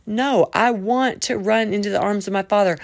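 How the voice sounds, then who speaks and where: Gravelly-voiced woman hosting a faith podcast. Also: mid-range voice, steady tone, fairly quick, no room sound, studio quality. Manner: chatty, jumps between topics, colloquial. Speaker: podcast host. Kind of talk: casual faith podcast monologue.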